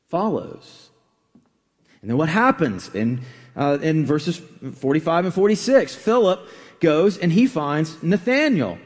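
A man with a high voice preaches in an easy, conversational way, often pausing with fillers and restarting phrases. His voice carries a long reverb, as if recorded in a large hall. The delivery is unhurried and explanatory. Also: darkish tone. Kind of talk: sermon.

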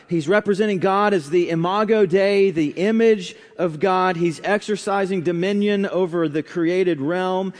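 A man preaching a sermon in a conversational way, with asides and pauses, in a church sanctuary. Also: high-pitched, big-room sound. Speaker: pastor.

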